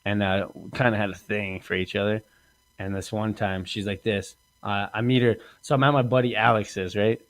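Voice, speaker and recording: A man's voice: on the low side, normal speed. Rambling, profane male podcast host. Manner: rambling, profane, acts out quotes in animated voices. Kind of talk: casual crude comedy chat.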